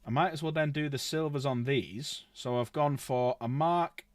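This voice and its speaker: A man's voice: mid-range voice, normal speed, no echo. A middle-aged man rambling casually while he paints models on a livestream, swearing freely.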